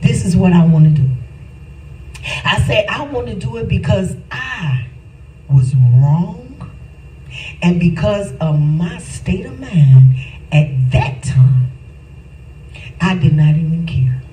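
A middle-aged woman preaching a personal testimony, slow and emphatic, rising at times to shouts. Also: on the low side, animated, slight background noise. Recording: roomy, distant mic, faint ambience.

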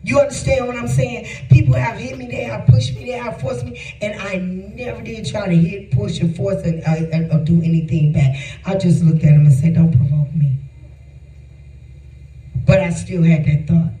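Male preacher, high mellow voice, talky and animated, recorded far from the mic in a reverberant room. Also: moderate pace, hardly any pauses. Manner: conversational, animated preaching with laughter. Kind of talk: sermon.

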